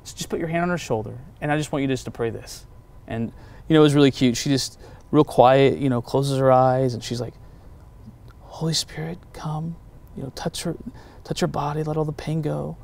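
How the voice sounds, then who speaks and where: Male pastor, mid-pitched voice, lively storyteller who acts out quoted voices, casual testimony talk. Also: a little fast, creaky. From United States.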